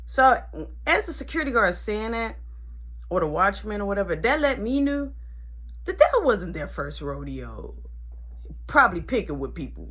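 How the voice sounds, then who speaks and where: Young guy telling a storytime, kinda husky voice, pitch all over the place. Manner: animated, acts out every quote. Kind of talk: casual storytime.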